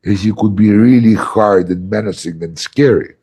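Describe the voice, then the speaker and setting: Guy with a mellow voice telling a long story on a podcast, gets loud and emphatic, says like a lot. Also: lowish voice, normal speed, husky. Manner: animated storyteller, loud and emphatic at peaks, many "like" fillers. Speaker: ayahuasca workshop facilitator. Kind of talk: storytelling in a casual podcast chat.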